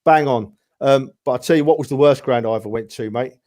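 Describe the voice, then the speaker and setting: A man telling football stories in a casual podcast chat, animated and full of asides, often calling his friends mate. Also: medium pitch, quick pace. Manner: animated storyteller, says "mate" and "right?" a lot. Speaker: podcast regular.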